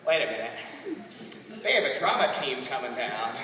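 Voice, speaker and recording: A man voicing a slow old Southern man with a drawl, droopy and pleased with his own joke. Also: medium pitch, sing-song, crowd noise, pitched below the performer's own voice, close to an everyday voice. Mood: scheming. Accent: Southern US drawl put on. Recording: echoey hall from far off.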